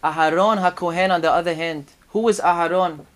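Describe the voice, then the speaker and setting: Emphatic high-voiced man preaching. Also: fairly even intonation, brisk, fairly bright tone. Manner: storytelling preacher, rhetorical questions, sudden emphatic rises. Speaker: rabbi giving a talk. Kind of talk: sermon.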